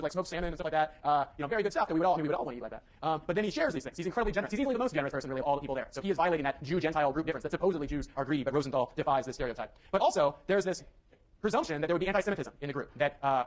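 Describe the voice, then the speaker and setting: Fast-talking male lecturer. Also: fairly high pitch. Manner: quick, conversational, with many fillers and restarts. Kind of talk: university lecture. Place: lecture hall.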